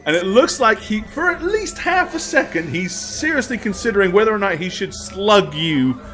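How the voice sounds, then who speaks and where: A man's voice: high voice, big pitch swings, normal speed, fairly bright tone, soft background music. Man narrating as game master. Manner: loose narration with many fillers.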